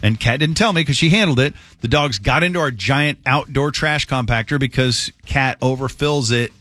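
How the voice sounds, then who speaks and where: A man hosting a radio show, telling stories in casual, animated chat at a studio microphone. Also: medium pitch, normal speed, no room sound. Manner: animated storytelling.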